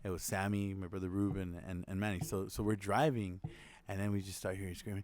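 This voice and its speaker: A young man co-hosting a casual chat, telling a family story in a lively way, laughing, swearing and acting out the quotes. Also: sits low, fast. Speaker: podcast co-host.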